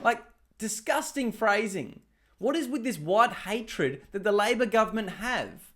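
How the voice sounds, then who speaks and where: A man's voice: high voice, very animated, moderate pace. A man, ranting blunt and profane commentary over clips. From Australia. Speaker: political commentator.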